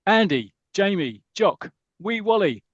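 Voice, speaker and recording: A man's voice: sits high, very animated, measured pace, slightly rough, no room sound, lo-fi sound, pitched above the performer's own voice, heavily acted. A man voicing a jolly older Scottish man dressed as Father Christmas, speaking with a Scottish accent. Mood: cheery.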